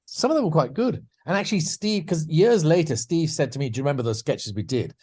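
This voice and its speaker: A man's voice: a little high, animated, quick pace, a little mellow, breathy edge. A man guesting on a podcast, telling anecdotes about his career in a chatty, self-deprecating way with lots of restarts. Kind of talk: anecdotal interview storytelling.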